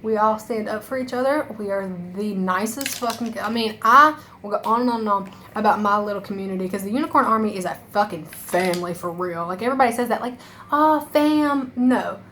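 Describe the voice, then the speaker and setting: A woman's voice: mid-range voice, fast, few pauses, pushed and bright, slight background noise. A young woman talking to camera as a makeup vlogger, rambling and emotional, filling her talk with "like" and swearing. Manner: rambling, emotional, heavy use of "like" and profanity. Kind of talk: casual rambling monologue to camera.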